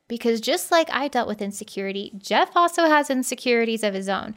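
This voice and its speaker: Woman host, mildly high voice, earnest and conversational, shares personal stories on her podcast. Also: animated, brisk, hardly any pauses, fairly bright tone. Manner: earnest, personal storytelling with frequent "you know".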